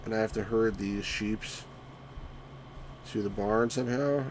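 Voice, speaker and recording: A man streaming a retro game live, commenting excitedly, shouting at the on-screen sheep and greeting chat viewers. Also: lowish voice, unhurried, slight background noise. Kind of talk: live let's-play commentary.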